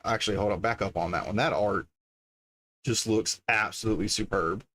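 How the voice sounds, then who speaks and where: Casual male streamer, slightly low voice, chatty and easily delighted. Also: a little fast, fairly bright tone. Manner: chatty, reading card names aloud, easily delighted. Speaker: streamer opening card packs. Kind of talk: casual livestream chat.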